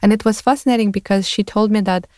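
A woman's voice: mid-range voice, steady tone, fast, a little mellow, dry recording, clean studio sound. A woman hosting a podcast, talking in a thoughtful, casual way and laughing often. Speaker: podcast host. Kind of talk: casual conversation.

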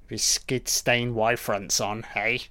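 A man's voice: mid-range voice, level tone, slow pace, pushed and bright. Wurzel Gummidge, a man mimicking a leering scarecrow. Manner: lewd, mocking.

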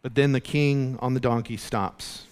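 A man preaches an earnest, animated sermon, his voice pitched in an ordinary middle range. He drives his points home by repeating them. The sound carries a long reverb from a large church hall. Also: a little slow, clear, resonant tone. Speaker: pastor.

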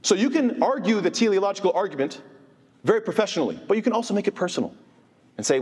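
Animated male teacher in an echoing hall. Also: sits high, fast talker, breathy edge. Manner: animated, asks the audience rhetorical questions. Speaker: Islamic teacher. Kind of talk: informal religious lecture. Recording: long hall reverb.

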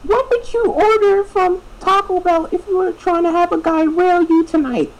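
A man putting on a drunk young woman, giddy and forward, very high breathy falsetto, drawn-out questions. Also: low-quality recording.

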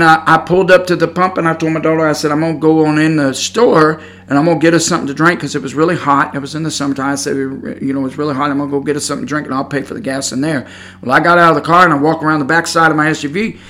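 A middle-aged man preaching, telling a personal story in a calm, earnest, conversational way with many fillers and restarts. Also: on the high side. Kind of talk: sermon storytelling.

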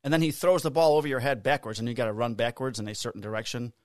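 A man's voice: medium pitch, racing, no echo, studio quality. A man in his fifties, a podcast co-host, telling a long casual story with swearing and acted-out dialogue. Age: 50s. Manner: profane, animated storyteller acting out dialogue.

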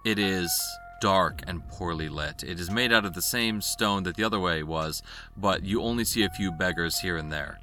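A man's voice: sits low, moderate pace, pushed and bright, faint music behind. A man narrating as game master, describing scenes at length with uh and um. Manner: descriptive, with fillers like uh and um.

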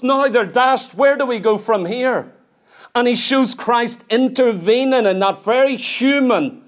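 Guy preaching a sermon, fairly high voice, keeps repeating lines with real fervor. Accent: Northern Irish. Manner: fervent, repetitive preaching cadence.

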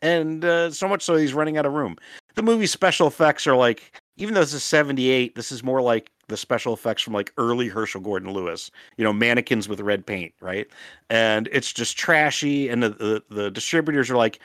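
A man co-hosting a podcast in casual chat, animated and often laughing. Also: medium pitch, a little fast, dry recording, studio quality. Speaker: podcast co-host.

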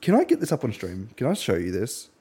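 Husky hungover man hosting a podcast. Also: medium pitch, huge pitch swings, fast, dark tone. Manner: crude, joking, lots of swearing. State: husky from a hangover. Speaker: podcast host. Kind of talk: casual chat.

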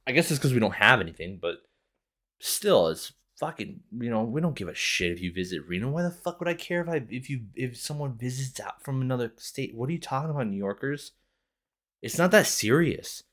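A man's voice: mid-range voice, lively intonation, a little fast, a bit bright. A young adult man hosting a podcast, ranting casually with heavy swearing and a rambling, sarcastic manner. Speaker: podcast host. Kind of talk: casual rant.

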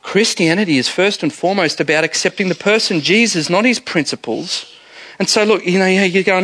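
A man's voice: high voice, fairly quick. A male pastor giving a conversational, humorous sermon. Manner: conversational, animated preaching with humor.

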